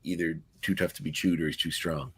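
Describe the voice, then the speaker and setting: Speaking in a low, husky, fairly bright voice with a steady tone, a man from Canada hosts a casual podcast at a brisk pace. He has a Nova Scotian accent and wanders as he talks, using plenty of fillers and restarts.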